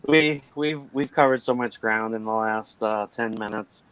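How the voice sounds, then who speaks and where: A man's voice: mid-range voice, takes it slowly, background noise. A man hosting a casual live stream, teasing his guests and rambling in a self-deprecating way. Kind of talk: casual chat.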